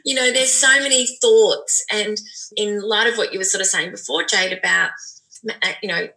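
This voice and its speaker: Bright middle-aged woman, parenting expert, thoughtful explainer with frequent restarts. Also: medium pitch, fairly even intonation, moderate pace, rough recording. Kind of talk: podcast conversation.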